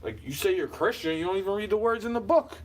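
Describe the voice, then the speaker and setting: A man delivering a profane, combative rant straight to the camera, swinging between low muttering and loud outbursts. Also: lively intonation, fast talker. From United States. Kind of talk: profane ranting monologue.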